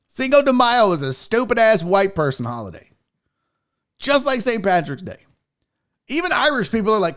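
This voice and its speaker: A podcast host runs a comedic talk show, ranting loudly and mockingly and cursing freely while swinging into exaggerated voices. His pitch jumps widely, swooping up for sarcastic impressions and dropping low for deadpan asides. He keeps a loose, animated delivery at normal speed with long pauses.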